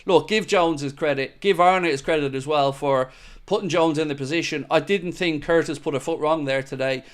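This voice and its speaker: Young male fan-show host, higher voice, smooth clear tone, blunt and passionate with his chat. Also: brisk. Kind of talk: live match reaction, reading viewer comments.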